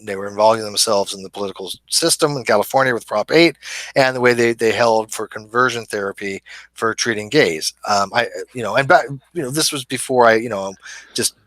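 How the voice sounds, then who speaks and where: A man's voice: on the low side, fairly quick, fairly bright tone, no echo. A man hosting a debate channel in casual chat, talking conversationally with many fillers.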